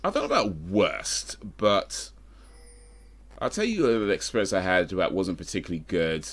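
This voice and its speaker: Deep-voiced and very animated, a man streams at a moderate pace while casually spinning a meandering tale. He keeps correcting himself and drifting into asides, with frequent fillers along the way.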